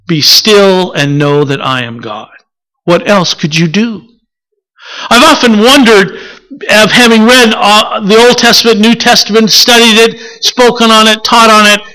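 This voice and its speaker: A male preacher with a high, bright, forward voice delivers a sermon slowly, steady and reflective. He frequently pauses to pose rhetorical questions to the congregation. The recording quality is poor.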